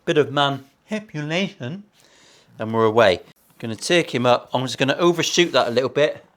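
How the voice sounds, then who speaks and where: A man's voice: mid-range voice, lively intonation, moderate pace, a little hiss or hum. A man, a luthier chatting casually and sarcastically while building a guitar in his workshop, swearing freely.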